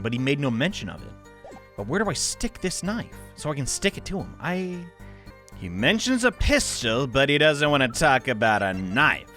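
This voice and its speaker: Excitable man commenting on a game. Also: on the high side. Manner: excitable, self-mocking, talks to himself while playing. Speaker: gaming YouTuber. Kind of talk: let's-play commentary.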